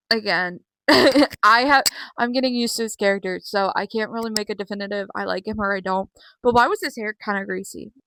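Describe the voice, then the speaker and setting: A woman's voice: mid-range voice, fairly bright tone, poor audio. A young woman chatting casually from her bedroom, rambling with many fillers as she recaps wrestling shows. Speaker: wrestling vlogger. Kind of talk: casual chat.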